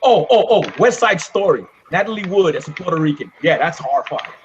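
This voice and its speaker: Animated joker of a male co-host, high and lively, dull mic with faint hiss. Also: fairly quick. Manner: animated, joking, laughs a lot. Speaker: podcast co-host. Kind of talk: casual chat.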